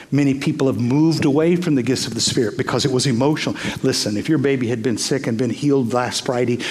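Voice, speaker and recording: An older man preaching a sermon as pastor, emphatic, swinging from loud bursts to hushed near-whispers. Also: medium pitch.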